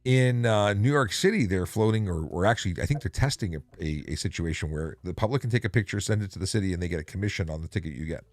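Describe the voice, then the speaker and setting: A man's voice: deep voice, expressive, fast talker, hardly any pauses, a little mellow, no echo. A man hosting a casual livestream, chatty and joking, laughing easily. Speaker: show host.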